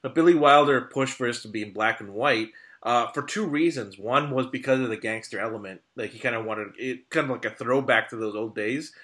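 Guy on a movie podcast, bright voice, keeps restarting his sentences, chatty. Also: medium pitch. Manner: rambling, halting restarts, frequent laughs. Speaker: podcast co-host. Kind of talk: casual film discussion.

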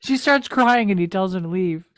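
A woman co-hosting a podcast who recaps a TV episode in an animated, wry and teasing way. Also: mid-range voice, moderate pace, no room sound, studio quality. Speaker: podcast co-host. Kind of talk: casual chat recapping a TV episode.

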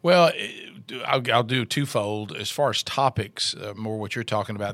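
A man's voice: lowish voice, fairly bright tone, no room sound. A middle-aged man, a radio co-host telling his story in an interview, rambling with restarts and fillers.

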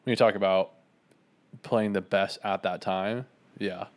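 Young guy rambling on a podcast, chill slangy way of talking, kinda low voice. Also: steady tone, a little slow. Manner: laid-back, rambling, slangy. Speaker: podcast co-host. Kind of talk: casual chat.

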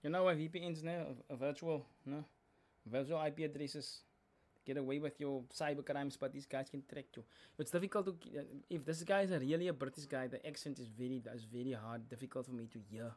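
A man's voice: mid-range voice, fairly even intonation, a little fast, darkish tone. A young South African man hosting a reaction video, chatting casually and explaining lyrics as he goes. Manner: chatty, explaining lyrics, code-switching slang.

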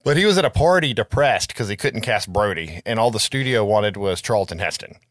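A man's voice: lowish voice, lively intonation, fairly quick, a bit bright, dry recording, clean studio sound. A man co-hosting a podcast in casual chat, rambling with lots of fillers and swearing freely. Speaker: podcast co-host.

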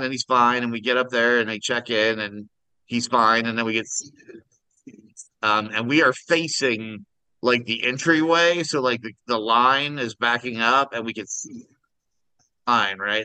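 A man's voice: mid-range voice, moderate pace, pushed and bright, clear, resonant tone, no room sound, rough recording. A middle-aged man co-hosting a casual podcast over a video call, telling a story animatedly and acting out the voices in it. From Minnesota. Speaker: podcast co-host.

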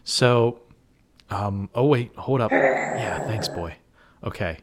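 A man co-hosting a podcast in casual chat, relaxed and chatty, with many ums. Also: mid-range voice, slow, background noise. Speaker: podcast co-host.

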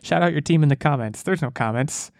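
A man hosting a casual podcast, joking and rambling in an animated way. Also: a little high, brisk, creaky, dry recording, studio quality. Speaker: podcast host.

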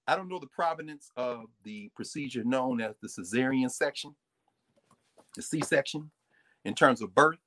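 A man, a professor, talking in an energetic storytelling way and acting out little asides and voices. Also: mid-range voice, no room sound. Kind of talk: animated lecture-style talk.

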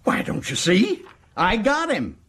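Prison governor, boastful, chatty, stumbling, husky, lively pitch. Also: male voice, moderate pace, full character voice. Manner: boastful, stumbling, chuckling often. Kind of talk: radio drama acting.

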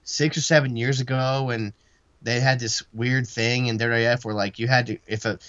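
A man's voice: mid-range voice, fairly even intonation, moderate pace, fairly bright tone, no echo. Laughing podcast guy on a dull mic. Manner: laughs often, rambling play-by-play. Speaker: podcast co-host. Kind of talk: casual wrestling match recap.

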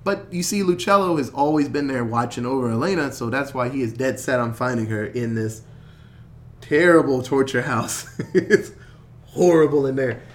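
A man hosting a casual podcast chat, recapping a film in an animated way, swearing and acting out the characters' lines. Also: mid-range voice, normal speed.

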